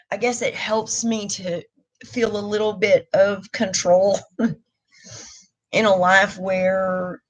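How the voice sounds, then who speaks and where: A woman's voice: medium pitch, low-quality recording. A middle-aged woman, talking openly and emotionally in a rambling live stream chat. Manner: candid, emotional, rambling with restarts. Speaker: vlogger.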